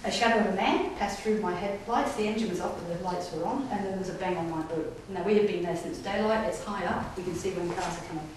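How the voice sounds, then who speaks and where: A woman's voice: on the low side, fast talker, hardly any pauses, distant mic. A woman, a paranormal investigator giving a chatty talk to an audience, often checking in and laughing. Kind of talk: casual storytelling talk to an audience. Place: display day inside an old gaol. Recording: echoey room heard from afar, faint hiss.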